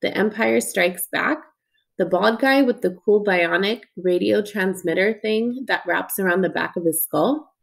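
A woman's voice: mid-range voice, measured pace, creaky. A woman reading the lines of a friendly, joking male ear doctor in an audiobook, with an easygoing, reassuring manner.

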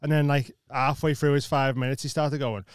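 A man's voice: medium pitch, fairly even intonation, brisk, smooth, no echo, studio quality. A man on a podcast, telling comedy-night stories in casual chat, acting out what people said and laughing often.

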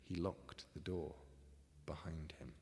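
A man reading his own book aloud at a live signing event, measured and expressive. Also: a bass voice, creaky. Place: book signing tour venue. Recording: live reading in a reverberant hall.

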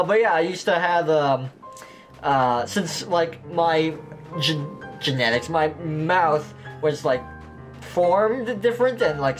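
A man with a slight lisp giving rambling, self-deprecating commentary while he plays a game. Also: fairly high pitch. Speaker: gameplay commentator. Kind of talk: casual let's-play commentary.

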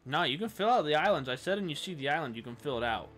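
A man's voice: fairly high pitch, animated, very fast, fairly bright tone, faint music behind. A man co-hosting a let's play, complaining and teasing his partner in casual banter.

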